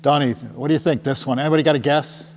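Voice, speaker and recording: A man's voice: a little high, steady tone, quick pace. A middle-aged man, a tour company presenter, gives a casual, jokey talk to a small live audience and keeps asking the crowd "right?". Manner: jokey and chatty, often asks the crowd "right?". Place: meeting room with a small audience. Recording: long hall reverb with faint hum.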